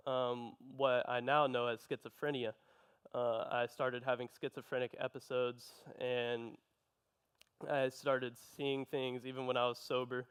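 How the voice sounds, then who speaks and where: A young man giving an earnest personal testimony, telling his story in a halting way. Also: mid-range voice, smooth. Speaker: testimony speaker.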